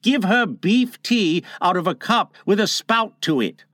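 A man's voice: high-pitched, expressive, measured pace, fairly bright tone, no room sound, studio quality, voice pushed up. A man voicing a boy who pretends to be a pompous, fussy doctor in a storybook reading. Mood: mock-solemn. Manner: fussy, mock-solemn.

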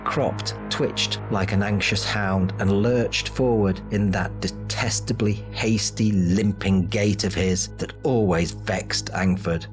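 A man giving dramatic, measured narration of a fantasy audiobook. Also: lowish voice, fairly even intonation, faint music behind.

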